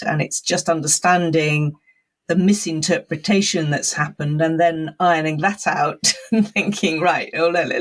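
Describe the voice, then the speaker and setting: A woman with a low voice appears as an expert guest on a podcast. She explains things thoughtfully and conversationally, laughing frequently.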